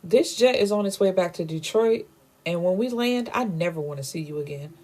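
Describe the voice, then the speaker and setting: A man's voice: high-pitched, lively intonation, brisk, a little mellow. A woman quoting a cold, controlling rich man. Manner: blunt, profane, accusing.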